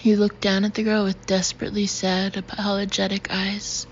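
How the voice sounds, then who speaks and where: A woman reading a thriller audiobook in a steady, even narration. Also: mid-range voice, normal speed, hardly any pauses. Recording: dull, slightly noisy recording.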